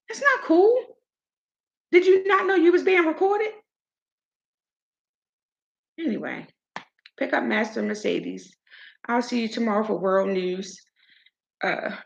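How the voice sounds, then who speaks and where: A woman hosting her own show, giving an outspoken, animated commentary. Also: mid-range voice, gravelly, dull audio. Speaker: show host. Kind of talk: casual commentary monologue.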